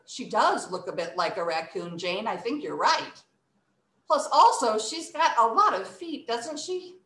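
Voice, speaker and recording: A woman teaching poetry recitation in a playful way, demonstrating emphasis with exaggerated, deliberate delivery. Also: medium pitch, very animated, sharp tone. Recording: roomy echo.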